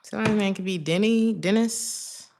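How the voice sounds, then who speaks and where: A woman's voice: mid-range voice, normal speed, vocal fry, background noise. A woman giving a casual tarot reading, chatty and laughing often, drifting into side stories. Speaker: tarot reader.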